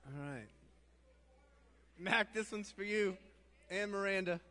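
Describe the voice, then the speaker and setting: An older man leads a playful youth group game before students, reading slang terms aloud, tripping over them and laughing at himself. His voice sits high, with a slow pace and a sharp tone.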